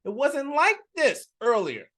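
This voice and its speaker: Emotional male politician, put on by a man, raised pitch, excitable, emphatic. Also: a little slow, exaggerated voice.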